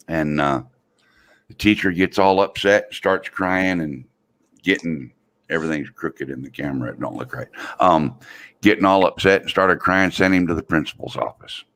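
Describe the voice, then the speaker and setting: A middle-aged man, a video host, telling a long joke in a folksy, drawn-out way. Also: very deep voice, a bit bright.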